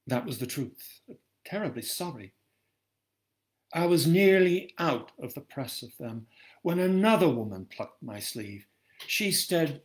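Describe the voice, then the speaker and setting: A man reading his own novel aloud in measured first-person storytelling, heard over a video call from home. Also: mid-range voice.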